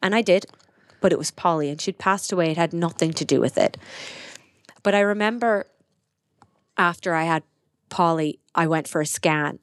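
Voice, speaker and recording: A woman's voice: lowish voice, normal speed, pauses often, no echo, studio quality. A woman, a podcast guest telling a personal story earnestly, with lots of "like" fillers. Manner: earnest, animated retelling with frequent "like" fillers.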